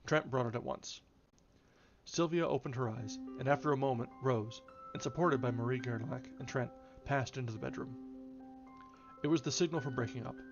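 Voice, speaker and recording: A man reading a novel aloud in a measured way, now and then correcting a slip. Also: mid-range voice. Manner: measured, occasional self-corrections. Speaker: reader. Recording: slightly dull, faint music behind.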